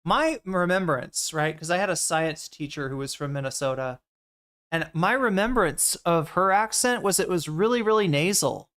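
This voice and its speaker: A woman's voice: on the low side, animated, normal speed, a bit bright. A woman streamer chatting casually while reacting to a video, rambling and talking to her chat.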